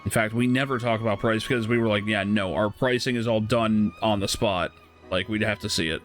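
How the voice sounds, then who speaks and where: A man's voice: lowish voice, steady tone, fairly quick, faint music behind. A man streaming a game, casually telling a story with frequent laughs and swearing. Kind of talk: casual storytelling while gaming.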